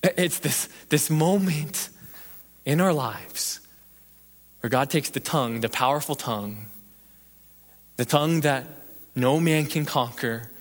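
In a church sanctuary with long hall reverb, a male pastor gives an evening sermon and prayer. He preaches emphatically, repeating rhetorical questions and swinging between intense passages and hushed ones, with a voice on the high side, a slow pace and long pauses.

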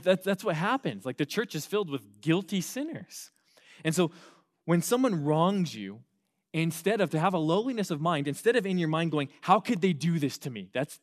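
A male pastor preaching a sermon, animated, with quick asides and frequent restarts. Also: a little high.

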